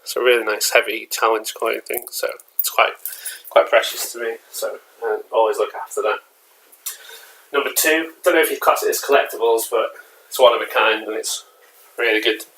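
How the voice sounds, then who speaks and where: The man's medium-pitched, fairly bright voice keeps fairly even intonation at a moderate pace. He's an English collectibles vlogger chatting casually indoors at home, rambling with lots of fillers and restarts, on a low-quality recording with slight background noise.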